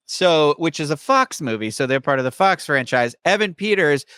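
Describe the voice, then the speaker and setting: Bright, clear-voiced man chatting eagerly. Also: a little high, animated, normal speed, no room sound. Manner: enthusiastic, rambling fan explanations. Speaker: podcast co-host. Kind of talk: casual podcast chat.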